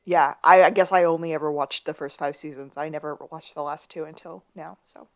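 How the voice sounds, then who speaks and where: A woman co-hosting a podcast, recapping a TV episode in relaxed, chatty talk with dry asides. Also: low voice, brisk. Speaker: podcast co-host. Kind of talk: casual chat recapping a TV episode.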